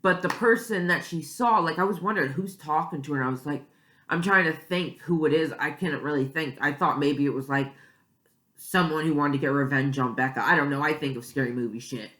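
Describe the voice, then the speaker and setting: A woman's voice: sits low, a little fast, fairly bright tone, roomy sound. A woman vlogger talking in a casual, emotional and rambling way, filling her sentences with "like". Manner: emotional, rambling, many "like" fillers. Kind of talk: casual reaction vlog.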